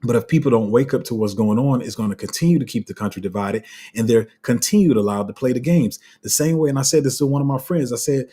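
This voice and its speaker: A man's voice: medium pitch, quick pace, few pauses, mellow, husky. A man hosting a crypto channel, giving a heated, passionate livestream rant full of restarts. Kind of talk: casual livestream commentary.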